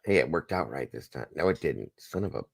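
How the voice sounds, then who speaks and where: A man with a low voice hosts a casual live stream. He greets viewers one by one and plugs their channels in a jokey, upbeat way. The sound is dry and close to the mic. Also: animated, a little fast, creaky, no echo. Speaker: livestream host.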